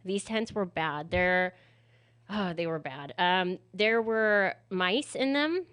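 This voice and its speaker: Animated young woman telling a story. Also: lowish voice, slow, smooth. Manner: animated storyteller acting out voices, many fillers. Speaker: guest telling her recovery story. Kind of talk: casual storytelling.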